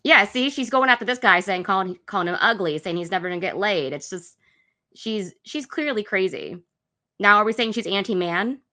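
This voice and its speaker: A woman's voice: medium pitch, animated, normal speed, sharp tone. A woman hosting a reaction video, giving blunt, sarcastic commentary on clips.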